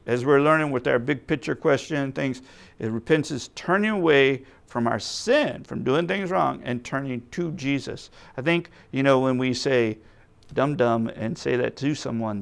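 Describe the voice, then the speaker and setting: Kids' church leader, male, patient and coaxing, slightly gravelly voice. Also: medium pitch. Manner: patient, coaxing, talks to a puppet. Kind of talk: puppet skit for children.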